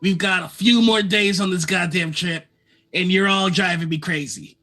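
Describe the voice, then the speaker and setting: A man's voice: high voice, moderate pace, pushed and bright. A man voicing a weary male ship captain who is fed up with his passengers. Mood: exasperated. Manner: exasperated, pleading.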